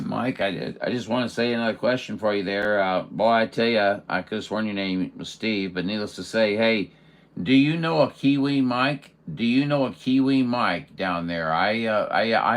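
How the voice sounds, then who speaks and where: A man's voice: on the low side, normal speed. A man working amateur radio contacts, chatting in a folksy way with lots of fillers.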